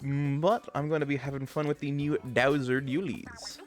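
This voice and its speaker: A man streaming a game live, chatty and excitable, talking to his chat as he plays. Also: medium pitch, moderate pace, faint music behind. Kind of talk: live gameplay commentary.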